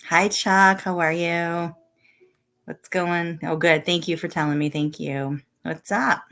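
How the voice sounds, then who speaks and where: A woman's voice: on the low side, steady tone, slow, fairly bright tone. A middle-aged woman hosting a casual live stream, chatting and greeting viewers by name and laughing often. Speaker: livestream host.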